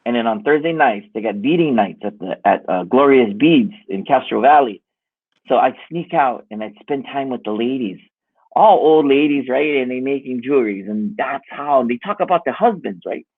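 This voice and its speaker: A middle-aged man, telling animated, laughing stories in casual chat and quoting people as he goes. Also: mid-range voice, moderate pace, breathy edge, no room sound. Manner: animated, laughing storyteller with lots of voiced quotes. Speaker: musician and jewelry maker guest. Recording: tinny phone-like dry audio.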